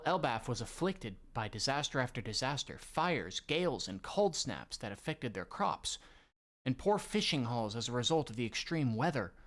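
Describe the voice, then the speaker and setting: A man reads a manga aloud and stops to react as he goes. He is excitable and uses slang and swearing. His pitch sits in the middle.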